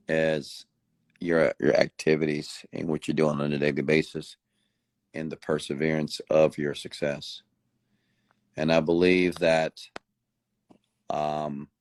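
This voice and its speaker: A man delivering a late-night motivational rant, preachy and repetitive, now and then jumping high to mimic other people. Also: no room sound. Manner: animated, mimics other people with sudden high-pitched outbursts; preachy, repeats phrases for emphasis. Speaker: motivational host. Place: Houston.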